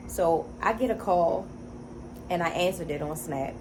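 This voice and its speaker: A woman's voice: on the low side, unhurried, background noise. A woman vlogger, a single mother, recounting a personal story in an emotional, emphatic, conversational way. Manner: emotional, emphatic, repeats words for stress; conversational, many "you know" fillers.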